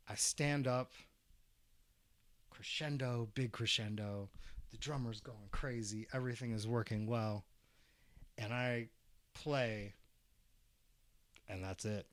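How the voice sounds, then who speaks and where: Young male guest, slow, animated storyteller, dry close sound. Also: mid-range voice, dry recording. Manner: animated storyteller, swearing, laughing, acting out voices. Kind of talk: casual storytelling chat. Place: Arizona.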